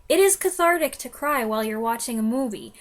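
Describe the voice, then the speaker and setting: A woman's voice: on the high side, lively intonation, moderate pace. A young woman vlogger chatting to the camera, self-deprecating and laughing often. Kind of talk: casual chat to camera.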